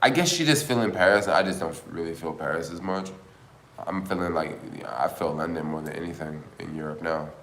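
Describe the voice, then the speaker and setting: A man's voice: sits low, brisk, a bit bright, echoey room, slight background noise. A man hosting a casual livestream, chatting and rambling with lots of filler words. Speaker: livestream host.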